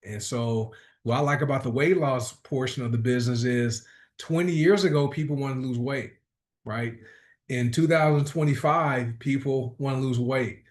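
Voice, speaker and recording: A man at a medium pitch leads a group video call in a loose, chatty way. He stumbles and repeats words as he goes, upbeat and informal. The sound comes through a video-call microphone. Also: moderate pace. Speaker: host of a product call. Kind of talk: casual group call chat.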